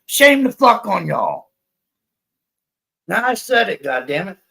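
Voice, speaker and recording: Man, high-pitched, gravelly, heated profane livestream rant. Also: sing-song, slow, pushed and bright, low-quality recording. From United States. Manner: profane and heated, swears constantly. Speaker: livestream panelist.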